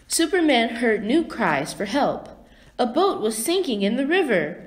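A woman reading a children's storybook aloud, with slow, clear, expressive narration. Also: on the high side. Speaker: storybook reader.

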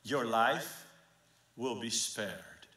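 A man preaching a sermon voices a grave king who speaks in measured, commanding words, read aloud in a church. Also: medium pitch, pushed and bright, pitched below the performer's own voice. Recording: echoey church sanctuary.

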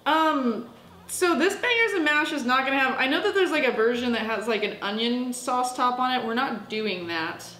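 A woman's voice: high voice, normal speed, pushed and bright, roomy sound, slight background noise, low-quality recording. A woman from the United States, chatty and goofy, talking to herself while she cooks in her home kitchen for a vlog. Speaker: vlogger. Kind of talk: casual cooking vlog.

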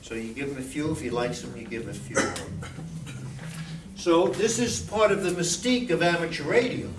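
A man's voice: fairly high pitch, moderate pace. A man giving an informal talk to a club meeting as a guest speaker, chatty and often asking the audience questions. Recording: echoey room, distant mic, faint noise.

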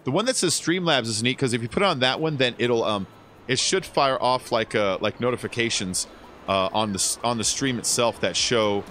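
A man's voice: mid-range voice, moderate pace, a bit bright, a little hiss or hum. A man in his thirties livestreaming a game from home, chatting casually and rambling, swearing now and then. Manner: rambling, laid-back, swears often. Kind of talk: casual livestream chat while gaming.

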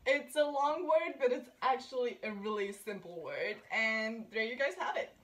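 A woman's voice: fairly high pitch, lively intonation, moderate pace, fairly bright tone. A young woman hosting a casual vlog, patiently correcting pronunciation and giggling often. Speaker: host teaching German words. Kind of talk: casual chat.

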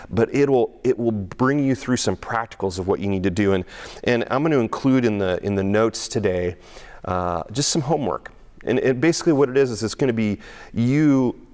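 A middle-aged male pastor preaching a conversational sermon, often restarting and repeating words, and acting out quotes in a raised voice. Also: a little mellow. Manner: acts out quoted speech with raised pitch.

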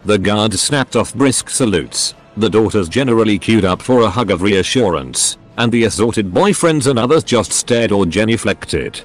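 Low-voiced male story narrator. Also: expressive, normal speed, hardly any pauses, faint music behind.

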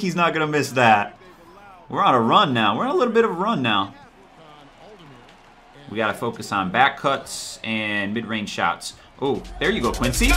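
A man's voice: medium pitch, normal speed, pauses often, soft background music. A man talking over his own basketball video game, cheering and groaning at the players and muttering to himself between plays. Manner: excitable, talks to the players on screen, swings from mutters to yells. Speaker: gaming YouTuber. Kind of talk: live gameplay commentary.

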